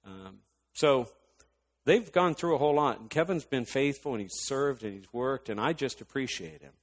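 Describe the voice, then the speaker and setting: A man preaching a sermon in an animated storytelling style, building to impassioned rants, with long hall reverb. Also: mid-range voice, moderate pace.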